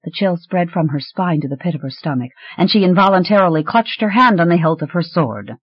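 An audiobook narrator reading a fantasy novel with an expressive, shifting delivery. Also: a little fast, husky, no room sound. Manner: expressive, shifting pitch through the story. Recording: dry, slightly dull recording.

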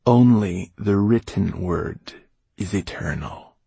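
A man's voice: lowish voice, lively intonation, moderate pace, gravelly, darkish tone, breathy edge, no echo, pitched above the performer's own voice, full character voice. Man voicing Balbulus, a lisping haughty scribe. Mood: bored. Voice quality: slight lisp. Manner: disdainful, drawling. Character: haughty male court illuminator, bored and cold.

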